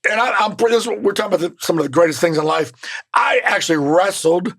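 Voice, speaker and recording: An older man with a Southern American accent, a podcast guest telling lively stories with frank swearing. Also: high voice, fast, breathy edge. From Southern United States. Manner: animated anecdotes, swears freely, acts out quoted people. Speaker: former pro wrestling manager and wrestler, podcast guest. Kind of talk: casual storytelling interview.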